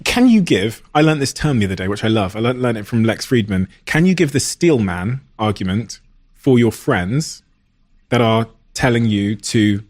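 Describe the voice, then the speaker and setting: A male interview host asks curious, searching follow-up questions in an easy conversational way. His voice sits somewhat low.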